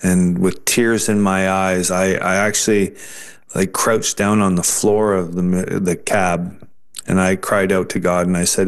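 Earnest halting male storyteller. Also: low voice, flat delivery, clear, resonant tone. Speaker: interview guest. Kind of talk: personal testimony storytelling.

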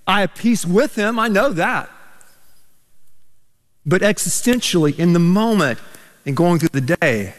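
A pastor preaching a sermon, telling stories with animated, emphatic delivery. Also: male voice, high voice, a little slow, pauses often. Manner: animated storytelling, rising to emphatic peaks. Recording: reverberant church hall.

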